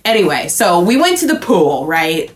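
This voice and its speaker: A woman's voice: fairly low pitch, sing-song, normal speed, slight background noise. A woman in her twenties from Houston, co-hosting a podcast in casual chat, rambling with lots of "like" and frequent swearing. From Houston, Texas. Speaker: podcast co-host.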